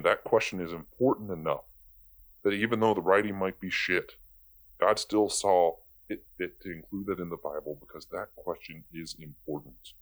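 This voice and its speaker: A young man giving profane, exasperated commentary in a sarcastic, casual rant. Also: deep voice. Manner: sarcastic, exasperated, swears freely. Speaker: video commentator.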